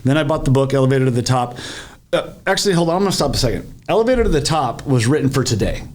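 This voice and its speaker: A man co-hosting a podcast, telling a story in an animated, profane way in casual chat. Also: medium pitch, racing, a little hiss or hum. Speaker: podcast co-host.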